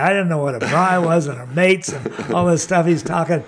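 Older American guy, rambling laid-back storyteller, a bit high-pitched. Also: moderate pace, slight background noise. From United States. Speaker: guest. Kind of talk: casual storytelling.

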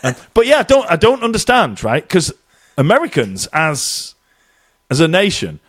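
A man's voice: fairly high pitch, moderate pace, husky. A man from England, co-hosting a casual podcast chat, ranting tongue-in-cheek and quoting people in put-on voices. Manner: animated, swearing, tongue-in-cheek rants with put-on quotes. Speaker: podcast co-host living in Ireland.

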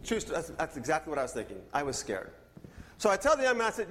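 Brief: male pastor, high voice, lively storyteller, echoey church hall. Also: a little fast, pauses often, slight background noise. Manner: animated storyteller, acts out dialogue. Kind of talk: sermon with personal storytelling.

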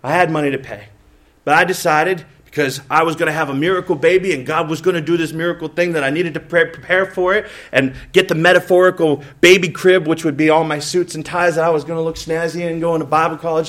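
A man's voice: a little high, fairly even intonation, a little fast, fairly bright tone. A male pastor preaching a sermon. He tells candid, self-mocking stories, acts out his own complaints, and turns to talk directly to his congregation. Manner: candid, self-mocking storytelling with acted-out quotes; talks directly to the congregation with asides.

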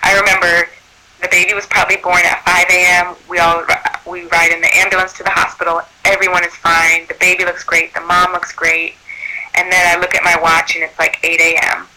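A man who works as a birth doula tells a personal story in an animated way, acting out what people said. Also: high voice, brisk, low-quality recording. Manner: animated, acts out quoted speech.

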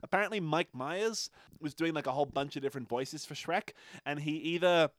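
A man's voice: fairly high pitch, brisk, fairly bright tone, dry recording, studio quality. A man co-hosting a casual podcast, rambling through stories with frequent laughs and casual swearing. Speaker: podcast co-host. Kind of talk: casual chat.

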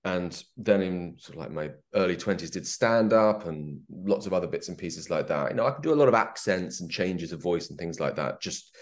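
A middle-aged actor chatting in an interview, playful and self-mocking, dropping into quick put-on voices. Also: male voice, low voice. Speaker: actor guest. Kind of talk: casual interview chat.

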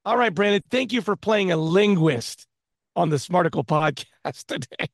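A man's voice: high-pitched, lively intonation, moderate pace, gravelly, no echo, studio quality. A man co-hosting a podcast, easygoing and teasing in casual chat. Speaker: podcast co-host.

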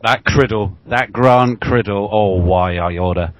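A man with a low voice tells a lively anecdote on a podcast. The sound is dry and close. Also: unhurried, no room sound. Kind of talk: casual podcast chat.

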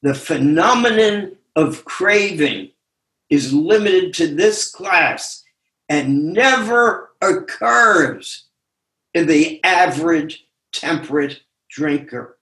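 An older man slowly reading his own essay aloud over a video call, measured and deliberate with pauses. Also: a little high, animated, pushed and bright, roomy sound.

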